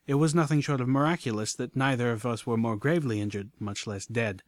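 A man reading a story aloud in the first person, earnest and steady. His voice sits mid-range and sounds close and dry. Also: mid-range voice, brisk, no echo. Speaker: audiobook narrator.

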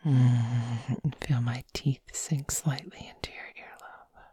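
A woman's voice: rumbling low, fairly even intonation, slow pace, warm tone, husky, no room sound. A woman in an intimate whispered role-play, speaking in a teasing, commanding way close to the ear. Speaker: audio role-play performer.

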